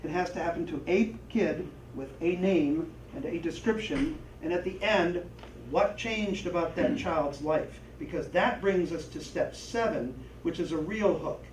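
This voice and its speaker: A man training a group on storytelling, lively, acting out little voices and asides as he teaches. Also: on the high side, measured pace. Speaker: presenter and trainer. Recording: echoey room, distant mic, faint noise.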